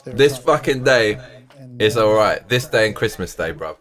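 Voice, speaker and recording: A man hosting a live reaction stream, excitable and profane, reading viewer comments aloud. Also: lowish voice, unhurried, a crowd in the background.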